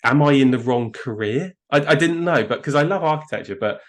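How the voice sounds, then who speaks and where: A man's voice: medium pitch, animated, brisk. A man with a southern English accent talking casually in a podcast interview, enthusiastic and self-deprecating, often restarting his words. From England. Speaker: guest photographer.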